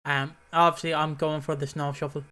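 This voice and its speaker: A man's voice: fairly high pitch, little pitch movement, fairly quick, bright, forceful tone, clean tone. A British man co-hosting a podcast in loose, rambling casual chat, full of fillers. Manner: rambling, loose, says "obviously" and "lad" a lot. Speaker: podcast co-host.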